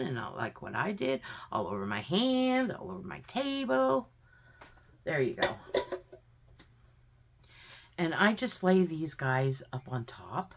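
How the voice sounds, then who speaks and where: Slow-talking low-voiced woman home cook. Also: a little hiss or hum. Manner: chatty, homey step-by-step explaining with many fillers. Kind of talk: casual cooking demonstration. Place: home kitchen.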